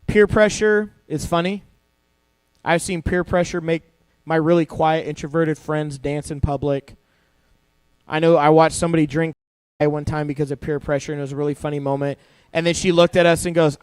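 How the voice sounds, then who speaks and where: Young guy youth pastor, kinda high voice, joking around, acting out little bits, dry close sound. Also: fairly even intonation, normal speed, clear, resonant tone, no echo. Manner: casual, joking storyteller acting out quotes. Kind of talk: youth sermon. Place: church youth service hall.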